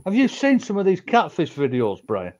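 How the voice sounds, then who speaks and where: A man's voice: high-pitched, wildly swooping pitch, moderate pace, darkish tone. A man cracking crude, mocking jokes with plenty of swearing in casual live-show chat.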